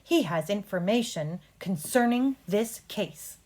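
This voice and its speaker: A woman voicing an earnest male defense attorney in a courtroom play, with slow, deliberate and formal delivery. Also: mid-range voice, animated, darkish tone.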